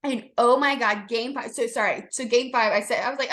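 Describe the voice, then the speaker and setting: A woman co-hosting a casual sports chat podcast, rambling and excitable, with lots of fillers and restarts. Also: a little high, moderate pace. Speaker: podcast co-host.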